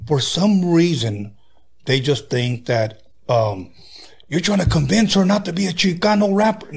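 A man's voice: on the high side, measured pace, gravelly, slightly rough. A man hosting a podcast interview, asking questions and backing the guest with short "right, right" replies. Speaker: podcast host.

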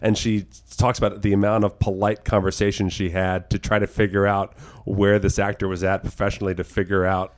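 Fast-talking man, animated podcast co-host. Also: fairly low pitch. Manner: animated storyteller, acts out quotes, swears freely. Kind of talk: casual chat.

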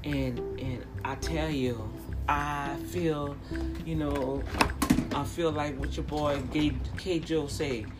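A woman's voice: deep voice, steady tone, slow pace, over loud music. A middle-aged woman preaching informally and with fervor, repeating herself and calling out to her listeners. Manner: fervent, repetitive, with calls to the listeners.

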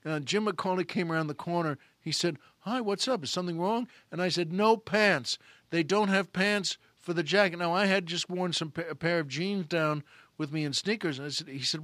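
Comedian, male, bright forceful voice, lively anecdote with acted-out voices, dry close mic. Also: a little high, dry recording. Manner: animated, acts out voices of people in the story. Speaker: comedian telling a story. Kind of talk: comic storytelling.

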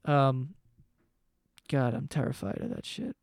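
A man's voice: medium pitch, fairly even intonation, a little slow, creaky, darkish tone, no room sound, clean studio sound. A man in his twenties ranting casually to camera at home, profane and rambling. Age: 20s. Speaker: vlogger. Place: home room below living room.

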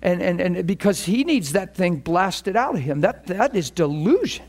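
High-pitched animated male preacher. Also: moderate pace. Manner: animated, acts out phone calls with rising pitch. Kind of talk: storytelling sermon.

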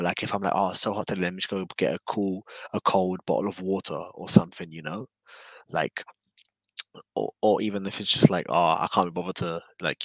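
A man's voice: low voice, no echo, rough recording. A man with a London accent, chatting casually as an interview guest in a laid-back, slangy, rambling way. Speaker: guest, drifter.

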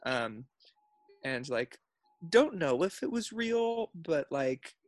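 A man's voice: a little high, sing-song, slow pace, no echo, faint music behind. A man co-hosting a podcast, chatting casually and telling a story with lots of fillers. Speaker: podcast co-host. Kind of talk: casual chat. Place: at his parents' house.

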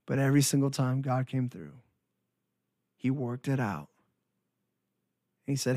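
Male minister, mid-pitched, earnest and encouraging devotional delivery, dry sound. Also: steady tone, moderate pace, long pauses, a little mellow, dry recording. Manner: earnest, encouraging, repeats phrases for emphasis. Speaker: Christian minister. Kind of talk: devotional podcast talk.

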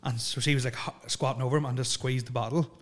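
Giggly young podcaster. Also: male voice, mid-range voice, fairly even intonation, quick pace. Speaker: podcast co-host. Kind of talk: casual chat, storytelling.

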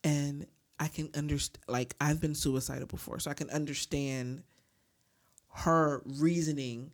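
A woman co-hosting a casual talk show, telling animated stories in speech and acting out the people she quotes. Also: sits low, measured pace. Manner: animated storytelling, heavy swearing, acts out quoted voices. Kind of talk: casual chat.

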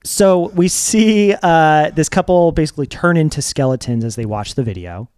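A man's voice: on the high side, moderate pace, clear, resonant tone, no room sound, studio quality. A young man co-hosting a music video countdown in casual, joking chat, laughing often. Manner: lively, jokey, laughs often.

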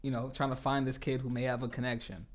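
Young man, podcast host, mid-pitched voice, quick interjections, profane casual talk. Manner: excitable, profane storyteller who chimes in often. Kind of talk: casual chat.

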